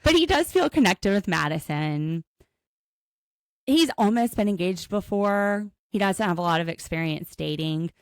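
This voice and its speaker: This co-host's voice is smooth and medium-pitched, and she takes an unhurried pace. She recaps a reality show on a podcast in casual chat, animatedly acting out the cast's quotes, over a dry recording.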